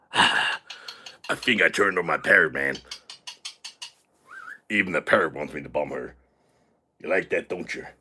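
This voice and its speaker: A crude, boastful drunk man, put on by a live-stream host, rowdy and swaggering. His voice sits very low with a husky grain, yet it cuts through with a bright, forceful edge. He sounds tipsy from the shots he keeps taking. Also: slow pace, pauses often, exaggerated voice. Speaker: livestream host. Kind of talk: live stream chat in character.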